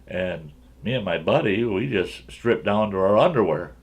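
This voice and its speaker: A folksy male storyteller with a gravelly, fry-heavy voice that sits fairly low. He rambles through a yarn and chuckles along the way, talking to his viewers like old friends. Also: lively intonation, normal speed. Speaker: storyteller, channel host.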